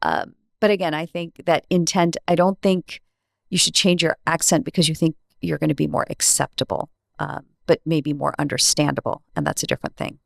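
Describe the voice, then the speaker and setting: An American woman speaking as a podcast guest, measured and reflective in a conversational interview. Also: deep voice, vocal fry, no room sound, studio quality.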